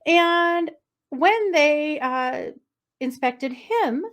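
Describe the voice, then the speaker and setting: A woman's voice: high voice, lively intonation, very slow, fairly bright tone. A woman co-hosting a casual true crime podcast, telling odd news in a playful way with many small fillers and giggles. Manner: playful storyteller, lots of uh and mm-hmm, giggles through odd news. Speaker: podcast co-host.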